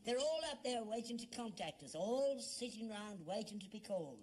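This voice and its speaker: A man's voice: high voice, expressive, moderate pace, a little hiss or hum. An earnest old father. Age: older. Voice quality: earnest, put-upon. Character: gullible old father, earnest, easily led. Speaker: actor in sitcom. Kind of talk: 1970s sitcom acting.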